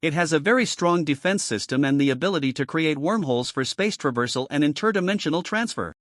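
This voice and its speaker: A man narrating a fantasy story recap in a steady scripted read, voicing the characters' quoted lines. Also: a little high, quick pace, no echo, clean studio sound.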